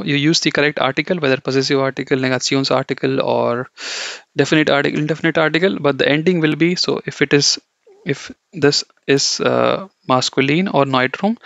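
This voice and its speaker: A man's voice: fairly high pitch, vocal fry, fairly bright tone, dry recording. A man teaching an online German lesson, explaining step by step with frequent checks like "okay" and "you know". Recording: dull, lo-fi dry recording.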